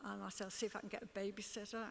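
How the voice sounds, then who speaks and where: An older Liverpool woman tells stories as an interview guest on a club stage before an audience, often laughing as she mimics what other people said. Her medium-pitched voice races along with a flat delivery and vocal fry. Long hall reverb and slight background noise colour the recording.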